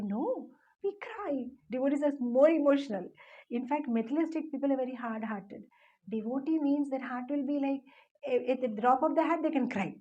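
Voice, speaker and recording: A woman's voice: high voice, normal speed, warm tone, muffled recording. A middle-aged woman giving a conversational devotional talk, full of fillers, answering a question. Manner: conversational, many fillers, tells a story. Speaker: spiritual teacher.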